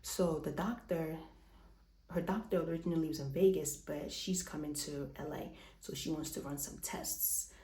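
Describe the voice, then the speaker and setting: A woman's voice: deep voice, normal speed, warm tone, reverberant. A woman recapping a reality show in a casual, opinionated chat, a little out of breath, with restarts and sighs.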